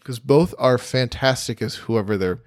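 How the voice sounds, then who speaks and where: This co-host of a podcast keeps the casual chat light with playful teasing. He speaks at a normal speed in a medium pitch, captured as clean studio audio with no room sound.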